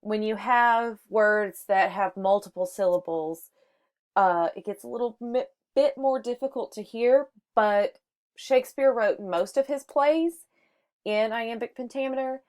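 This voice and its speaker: A woman's voice: a little high, unhurried. A woman teaching a short lesson on poetry, explaining step by step with some fillers and restarts. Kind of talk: microteaching lesson on sonnets.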